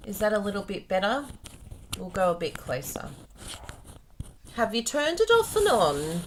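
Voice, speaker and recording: A woman's voice: medium pitch, big pitch swings, normal speed, a little hiss or hum. A woman with an Australian accent hosting a chatty live card-making tutorial, bubbly and talking straight to her viewers. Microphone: plugged-in microphone at a desk.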